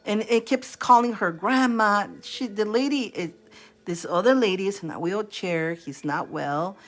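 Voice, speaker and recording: A woman's voice: mid-range voice, moderate pace. A woman tarot reader chatting casually to her livestream viewers, telling stories with lots of laughter and acted-out quotes. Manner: animated storytelling, laughs often, acts out quotes. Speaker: tarot reader hosting a live stream.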